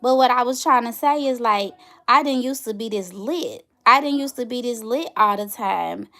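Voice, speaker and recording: A woman in her thirties talks to her viewers on a casual livestream in a fairly high voice. She tells stories with animated, chatty energy, as if catching up with friends. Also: normal speed. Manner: chatty, animated storytelling, addresses viewers directly. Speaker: livestream host.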